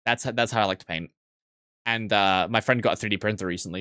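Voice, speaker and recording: A young man chatting casually on a live stream, answering chat with quick asides, restarts and frequent swearing. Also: on the low side, sharp tone, clean tone, no room sound, clean studio sound.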